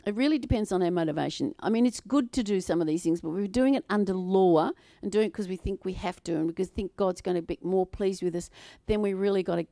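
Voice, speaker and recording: A woman preaching a sermon to a congregation in an animated, playful way, often laughing and acting out voices. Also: medium pitch, quick pace, few pauses, no room sound, studio quality. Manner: acts out quoted voices.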